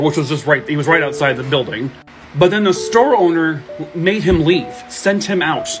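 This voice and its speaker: A man hosting a true crime video, telling cases in a blunt, casual way and swearing freely, with background music. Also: on the high side.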